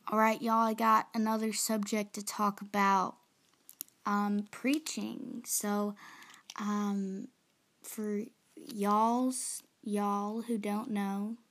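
A woman's voice: medium pitch, level tone, very slow, fairly bright tone. A young woman, chatting into her phone for a casual solo podcast, rambling and self-conscious, often dropping to a whisper. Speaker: podcast host.

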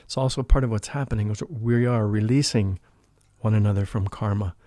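Male interview guest, earnest and emotional, low dark voice, dry room. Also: fairly quick, no room sound. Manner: earnest, emotional, drops to a hushed voice for quotes. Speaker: podcast guest, spiritual life coach. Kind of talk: storytelling in a casual interview.

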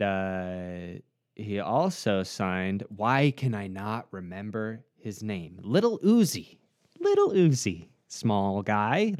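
A man's voice: fairly low pitch, smooth, no echo, studio quality. A man giving casual, joking reaction commentary on a track, laughing often and mocking lines in a raised voice. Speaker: host reacting to a music track.

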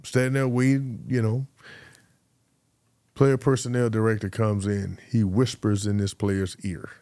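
A man's voice: fairly low pitch, a little slow, no echo. A man, telling stories as an interview guest and acting out the voices of people in them. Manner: animated storyteller who acts out quotes. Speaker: guest, former pro football player. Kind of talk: casual interview storytelling.

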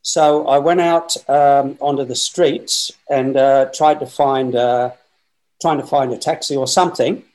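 An Australian man in his sixties, a guest telling a lively, rambling story with many fillers. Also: mid-range voice, measured pace, rough recording. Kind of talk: storytelling anecdote.

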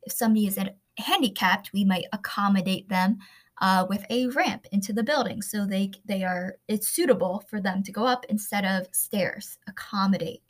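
A woman teacher recording a vocabulary lesson, slowly pronouncing each word and explaining it with everyday examples. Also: medium pitch. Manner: slow, careful pronunciation drills.

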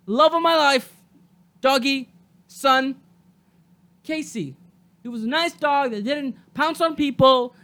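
A host delivers a solo podcast rant in a notably high voice. The talk is angry and full of swearing, with sudden shouted outbursts. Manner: angry, profane ranting with shouted bursts.

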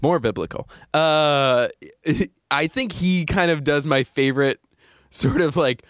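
Man podcast host, rather high voice, dry close sound, giggly rambler. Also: takes it slowly, a bit bright, no room sound. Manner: giggly, rambling with many fillers. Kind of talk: casual podcast chat.

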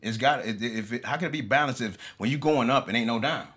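A man, talking in casual chat with animated street slang and profanity. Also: mid-range voice, fast talker, slightly rough.

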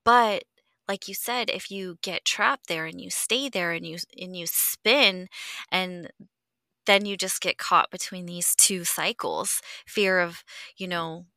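A woman's voice: on the low side, takes it slowly, sharp tone, no echo. A woman hosting a podcast, talking earnestly and reflectively, swearing freely and sometimes dropping to a near whisper. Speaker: podcast host. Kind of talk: candid conversational chat.

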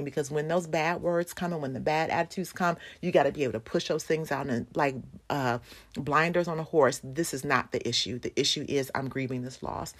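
Low-voiced woman preaching a testimony. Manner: storytelling, addresses the congregation as y'all. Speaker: pastor's wife preaching. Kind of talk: sermon testimony.

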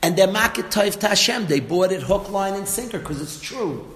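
High-voiced man telling a Torah story. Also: moderate pace, roomy sound, big-room sound, slight background noise. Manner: lively storytelling, acts out lines of the story. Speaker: Torah teacher. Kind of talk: animated Torah talk.

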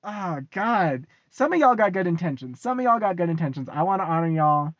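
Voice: medium pitch, very animated, brisk. A young American vlogger rants casually to the camera, swearing freely, repeating lines and breaking into frequent laughter. The recording sounds muffled and lo-fi, with a close, dry sound and no room echo. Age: young adult. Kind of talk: casual ranting monologue.

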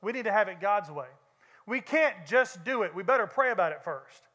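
A man's voice: high-pitched, animated, fairly quick, sharp tone, dull audio. A man with a Southern US accent preaching a sermon in a conversational way, speaking straight to his congregation. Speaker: pastor.

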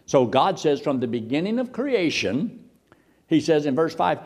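Lively-voiced male preacher. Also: on the high side, moderate pace. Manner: expressive preaching, mocking voices of scoffers. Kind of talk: sermon.

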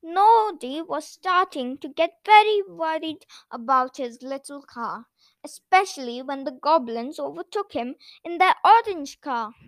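A woman hosting a children's bedtime story show, reading aloud in a gentle, expressive storybook manner. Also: high voice, a little slow, dry recording. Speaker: storyteller host.

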